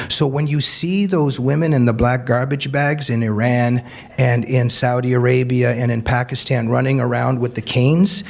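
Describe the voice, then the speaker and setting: A man's voice: medium pitch, fairly even intonation, moderate pace, gravelly. A man giving an earnest, emphatic talk about his book to a seated audience, repeating key phrases for weight. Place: meeting room with an audience.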